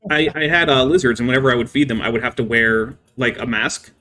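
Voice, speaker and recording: A man's voice: mid-range voice, quick pace, bright, forceful tone. A man hosting a live stream, explaining science at length with many "I mean" fillers. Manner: careful, lecturing explanations. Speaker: livestream host.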